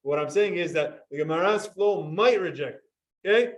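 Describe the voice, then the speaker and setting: Male teacher with a high voice, leads a study group, explains patiently and quizzes the class. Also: animated, moderate pace, recorded from a distance, poor audio. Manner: explanatory, asks students questions. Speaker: Talmud teacher. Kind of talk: classroom Talmud lesson.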